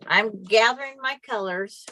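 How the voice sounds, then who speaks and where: A woman's voice: mid-range voice, unhurried, bright, forceful tone, slight background noise, rough recording. A woman co-hosting a quilting live stream, chatting casually and describing what she is doing as she works. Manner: narrates what she is doing, laughs easily. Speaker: quilting co-host. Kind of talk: casual chat while crafting.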